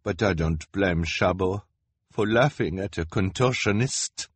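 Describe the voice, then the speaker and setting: A man voicing a shy, sad young woman who sighs and talks in a soft, self-pitying way. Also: low-pitched, measured pace, breathy edge, no room sound. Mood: mournful.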